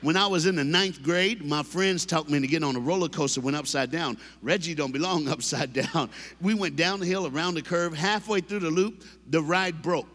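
A man delivering a comedic motivational talk, a bit high for a man, who tells stories and acts out voices and silly sound effects as he goes. His voice trails off into a long hall echo. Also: fairly quick, few pauses. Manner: animated storytelling, acting out voices and sound effects. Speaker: motivational school assembly speaker. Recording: echoey hall reverb.

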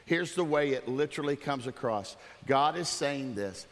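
A man preaching a sermon as pastor, repeating phrases for emphasis and swinging from hushed, drawn-out quiet to emphatic shouting. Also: medium pitch, lively intonation, big-room sound.

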